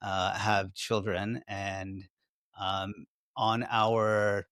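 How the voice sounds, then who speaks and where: A man's voice: on the low side, level tone, extremely slow, fairly bright tone, dry recording, clean studio sound. Chatty young man, podcast co-host. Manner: storytelling, chatty with filler words. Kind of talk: casual chat.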